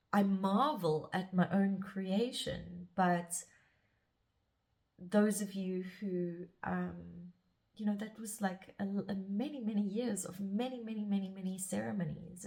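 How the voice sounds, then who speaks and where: A woman's voice: mid-range voice, darkish tone. A middle-aged woman speaking as a spiritual guide in a reflective, rambling monologue, often restarting her sentences. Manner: rambling and self-searching, with restarts. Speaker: spiritual guide and podcast host.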